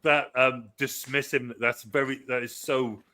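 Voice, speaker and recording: A man's voice: medium pitch, fairly even intonation, pushed and bright. A man co-hosting a film review chat, musing aloud with many restarts and casual swearing. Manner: halting, many restarts, profane. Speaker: film review podcast co-host.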